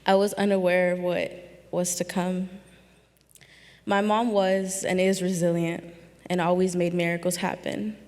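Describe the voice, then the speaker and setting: A young woman in her early twenties from California speaks slowly and haltingly, pausing often as she holds back tears. Her voice carries the long reverb of a large hall. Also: on the low side, level tone, darkish tone. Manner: slow, halting, with many pauses and ums. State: emotional, close to tears. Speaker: storyteller speaking on stage. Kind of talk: emotional personal story told on stage.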